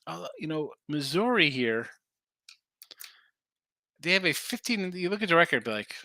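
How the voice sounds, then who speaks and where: A man's voice: medium pitch, lively intonation, moderate pace, sharp tone, no room sound, clean studio sound. A man hosting a sports betting show, casually running through picks and answering viewers. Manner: loose, rambling, answers chat comments. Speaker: sports betting podcast host.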